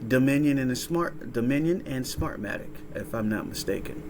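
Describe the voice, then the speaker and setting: A man hosts a casual reaction commentary in a mid-pitched voice, rambling and swearing freely. He keeps prodding the listener with "right?" and "huh?". Steady noise hums behind him. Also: normal speed. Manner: profane, rambling, asks "right? huh?" over and over. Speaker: host reacting to a clip.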